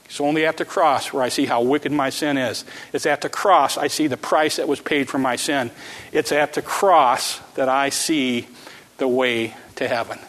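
Male preacher, emphatic, repetitive, bright ringing voice, long hall echo. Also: medium pitch, steady tone, moderate pace. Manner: repetitive, emphatic, swings from quiet to shouting. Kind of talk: sermon.

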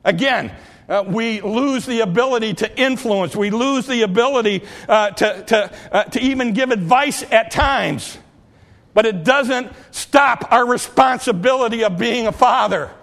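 High-voiced man preaching a sermon. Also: a little slow, creaky. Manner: preachy, rising to impassioned peaks and dropping to quiet asides. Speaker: pastor.

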